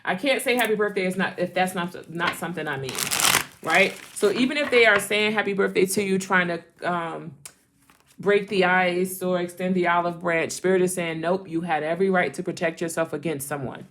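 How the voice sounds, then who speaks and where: Low-voiced woman giving a chatty tarot reading. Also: normal speed, heavy background noise. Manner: chatty, laughs often, repeats phrases. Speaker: tarot reader.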